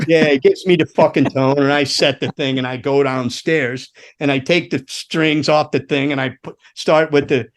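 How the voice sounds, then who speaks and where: A man, a former roadie and guitar tech, telling a story on a podcast in a lively, profane way and acting out the scenes. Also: on the high side, moderate pace, few pauses. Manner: animated, profane storyteller who acts out scenes.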